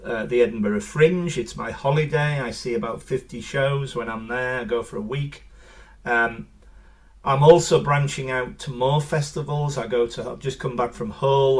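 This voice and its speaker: Man, podcast host, mid-range voice, enthusiastic, filler-heavy questions. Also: mid-range voice. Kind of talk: casual interview chat.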